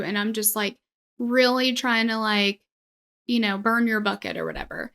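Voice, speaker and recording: A woman's voice: on the high side, steady tone, moderate pace, pushed and bright. A woman with a slight cold co-hosting a casual true-crime podcast, making wry, emphatic asides. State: slight cold, itchy nose. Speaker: podcast co-host.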